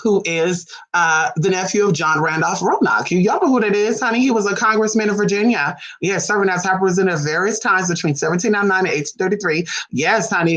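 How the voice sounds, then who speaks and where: A vlogger ranting casually in a sassy, profane way, full of teasing asides, swinging between low mutters and high squeals. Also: fast, hardly any pauses, a bit bright, poor audio. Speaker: vlogger on spiritual history.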